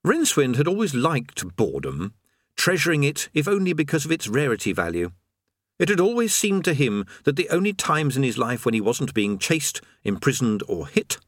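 A man reading a comic fantasy novel aloud as an audiobook narrator, with dry expressive storytelling. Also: mid-range voice, dry recording. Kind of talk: scripted narration.

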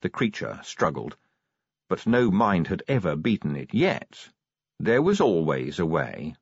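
A man reading a novel aloud as an audiobook narrator, in a wry, measured storytelling manner. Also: sits low, big pitch swings, gravelly, breathy edge, no echo, muffled recording. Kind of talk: scripted narration.

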